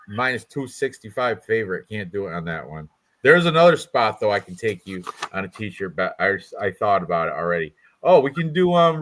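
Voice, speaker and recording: A man's voice: medium pitch, fairly bright tone. Rambling joking man host. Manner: joking, rambling, trash-talking with laughs. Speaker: podcast host. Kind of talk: casual prediction show chat.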